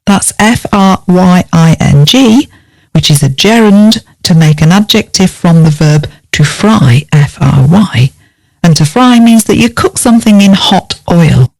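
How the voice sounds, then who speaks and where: Female teacher, lowish voice, dry close sound, measured and clear. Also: animated, darkish tone, no echo. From United Kingdom. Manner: spells words out letter by letter, clear and measured. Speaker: English teacher. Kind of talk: scripted vocabulary lesson.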